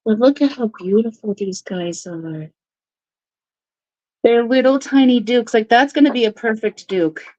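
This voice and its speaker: A bubbly woman hosts a casual live stream with a fairly high voice, laughing often and baby-talking to her pets between remarks to viewers. The audio is dry and a little dull, like a simple livestream setup. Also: unhurried, mellow, no room sound. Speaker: livestream host.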